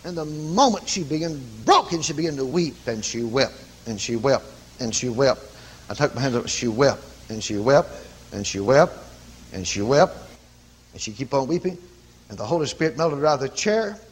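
A man preaching a sermon, telling a story and rising from quiet telling to loud commanding cries. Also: mid-range voice, animated, moderate pace, slightly rough.

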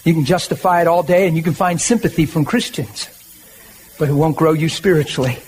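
High-voiced man preaching a plain-talking sermon. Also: fairly quick, a little mellow, slight background noise. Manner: conversational, emphatic preaching with rallying asides.

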